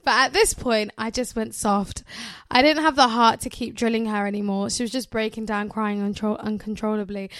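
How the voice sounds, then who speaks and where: A woman co-hosting a podcast, reading a story aloud with animated commentary, often laughing and swearing. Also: on the high side, moderate pace, hardly any pauses, no echo. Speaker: podcast co-host.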